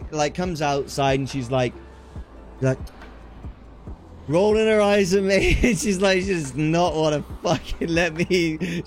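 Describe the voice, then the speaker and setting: A young English man on a livestream, telling a story in an excitable way, swearing casually and acting out the quotes. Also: on the high side. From England. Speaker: streamer.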